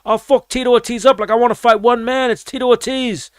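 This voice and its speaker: A brash cage fighter, done by a man pitching his voice far up. He snaps out a loud, cocky challenge at a rival. The is put on and pushed hard. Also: fairly even intonation, fast talker, clear, resonant tone, no room sound, clean studio sound.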